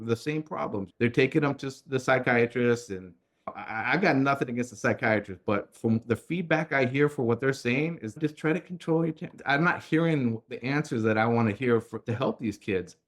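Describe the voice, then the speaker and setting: A middle-aged man talks as an interview guest, telling coaching stories in an animated way. He acts out the dialogue he quotes, and his voice sits at a medium pitch. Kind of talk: conversational storytelling interview.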